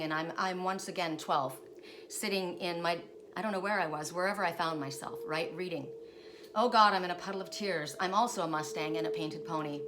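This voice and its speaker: A woman's voice: lowish voice, a bit bright, slight background noise. A woman telling spiritual stories in a casual vlog, emotional and rambling, often ending her sentences with "right?". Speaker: spiritual guidance storyteller.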